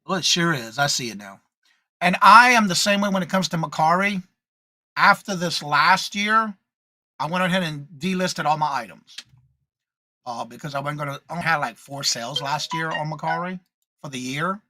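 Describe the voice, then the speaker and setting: A man co-hosts a morning live stream in a bright, slightly high voice, recorded dry and close. He chats casually, reads viewer comments aloud and welcomes each viewer by name with the same greeting, all in an upbeat tone. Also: animated, moderate pace, dry recording.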